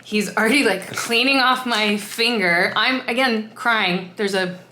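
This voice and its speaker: A woman's voice: on the high side, measured pace, sharp tone. A woman vlogger chatting casually and telling stories with lots of fillers. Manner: chatty storytelling with laughs and fillers. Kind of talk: casual chat. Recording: echoey room, faint noise.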